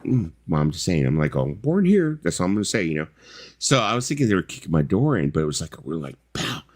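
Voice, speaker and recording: A man's voice: low-pitched, lively intonation, fast talker. A man co-hosting a late-night stream, talking in a loose, rambling way with lots of fillers and asides. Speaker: co-host.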